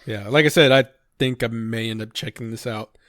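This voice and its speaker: A man chats casually as a podcast co-host, answering with short reactions and laughing a lot. His voice sits at a middle pitch. The sound is dry and close. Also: normal speed, a bit bright, dry recording. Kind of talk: casual chat.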